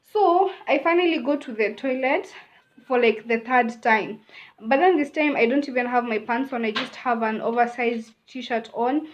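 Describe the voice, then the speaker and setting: A woman's voice: a little high, normal speed. Chatty young Kenyan woman, lo-fi sound. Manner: chatty, mixes in Swahili phrases. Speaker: vlogger. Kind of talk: casual storytime.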